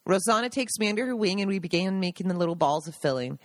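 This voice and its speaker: A woman's voice: mid-range voice, expressive, quick pace, dry recording. A woman reading aloud from her own memoir, stopping now and then for personal asides and laughter. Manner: breaks off the reading for emotional asides, laughing and choked up.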